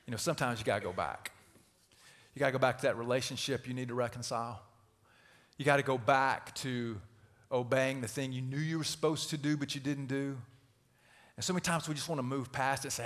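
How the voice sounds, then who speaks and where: A middle-aged man preaching a sermon as pastor. He tells stories in a conversational way, going from loud to hushed. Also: mid-range voice, steady tone, fairly quick. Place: church auditorium. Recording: reverberant church hall.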